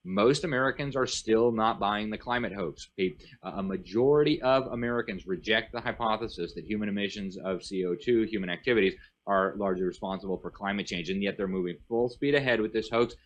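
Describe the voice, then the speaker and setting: A man's voice: lowish voice, a little fast, few pauses, dull audio. A man speaking as a guest commentator in an interview, emphatic and rattling off long lists. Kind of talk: animated interview talk.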